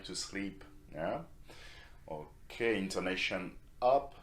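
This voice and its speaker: A man teaching a beginner French lesson, patient and clear, modelling phrases for learners to repeat. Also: low-pitched, roomy sound.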